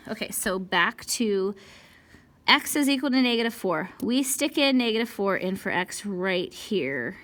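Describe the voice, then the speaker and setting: Woman math teacher, bright tense voice, some vocal fry, self-scolding, talks to her equations. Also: mid-range voice, measured pace, a little hiss or hum. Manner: sighs and whispers in frustration. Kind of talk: recorded math lesson walkthrough.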